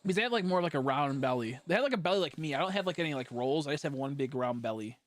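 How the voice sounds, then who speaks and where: A man's voice: on the high side, animated, rapid-fire. A young man chatting casually on a livestream, rambling and joking and laughing often as he talks. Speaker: streamer.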